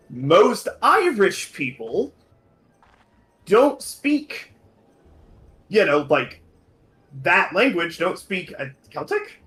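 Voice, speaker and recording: A man from New England with a general American accent, chatting casually as a streamer, rambling and correcting himself often, quick to laugh. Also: a little high, bright, forceful tone, slight background noise. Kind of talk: casual chat while gaming. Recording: roomy echo with game music.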